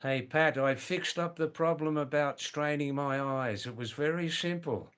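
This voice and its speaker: An older man hosts a relaxed live stream and talks at an unhurried, drawn-out pace. His voice is smooth and clear, and he greets each viewer by name. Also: a little high. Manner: slow, chatty, greets viewers by name, often says wow.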